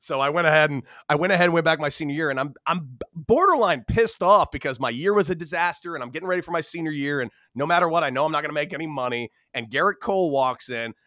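A man hosting a casual sports chat who tells animated stories, laughing and repeating himself. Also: fairly high pitch, fast talker, few pauses, no room sound, studio quality. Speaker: podcast host.

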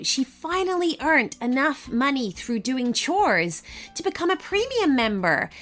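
A woman hosting a children's podcast, reading a bedtime story in a gentle, unhurried way. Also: high-pitched.

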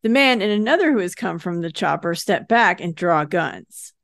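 A woman's voice: lowish voice, lively intonation, normal speed, creaky, no room sound, clean studio sound. A woman co-hosting a podcast, casually retelling a TV episode's plot and acting out the characters' lines in passing. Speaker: podcast co-host recapping a TV episode. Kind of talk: casual recap narration.

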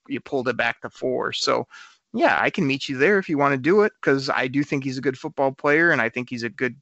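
A man hosting a sports talk show, arguing his point quickly and stumbling over repeated words. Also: medium pitch, a bit bright, dry recording. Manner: argumentative, rapid, trips over repeated words. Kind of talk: casual sports radio chat. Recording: slightly dull lo-fi sound.

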